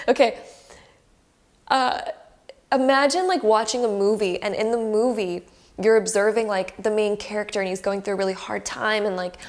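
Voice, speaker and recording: A woman's voice: medium pitch, normal speed. A young woman reads tarot cards for her viewers in a loose, chatty way, with "like" peppered through her sentences. She gets openly emotional as she talks, and she sits close to her camera. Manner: chatty and effusive, heavy use of "like", emotional. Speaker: tarot reader. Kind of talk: casual pick-a-card tarot reading to camera.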